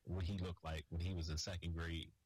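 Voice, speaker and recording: A man co-hosting a wrestling podcast in casual chat, loud and profane, laughing often. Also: low voice, flat delivery, a little fast, husky, poor audio. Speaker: podcast co-host.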